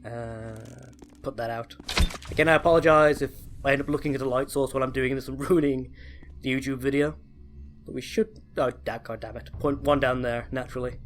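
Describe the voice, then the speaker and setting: A man's voice: mid-range voice, fairly even intonation, fairly quick, a little hiss or hum. A man giving chatty, enthusiastic gameplay commentary, often correcting himself. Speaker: let's play host.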